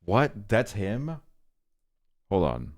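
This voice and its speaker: A man's voice: fairly low pitch, wildly swooping pitch, extremely slow, a crowd in the background. A man streaming live, reading short items aloud and reacting to them with blunt, profane, offhand remarks.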